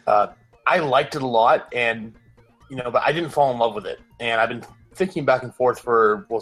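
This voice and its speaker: A man's voice: mid-range voice, a bit bright, poor audio. A man co-hosting a casual movie podcast, laid-back and full of fillers. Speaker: co-host.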